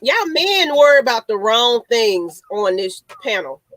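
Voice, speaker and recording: A woman's voice: a little high, sing-song, measured pace, a bit bright, no echo, low-quality recording. A woman co-hosting a live sports talk stream, blunt and wry as she scolds the men and plugs the channel. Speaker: podcast co-host.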